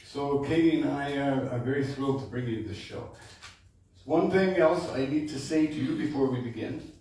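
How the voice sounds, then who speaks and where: A man, a baritone singer, casually introducing his show to a live supper club audience and often checking in with "okay?". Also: moderate pace, mellow. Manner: chatty, keeps checking in with "okay?". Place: supper club performance room. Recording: echoey room, distant mic.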